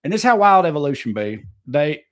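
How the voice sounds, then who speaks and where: A man's voice: fairly high pitch, very animated, a little fast. A man co-hosting a comedy podcast, explaining things in a rambling, profane, casual way. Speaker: podcast co-host.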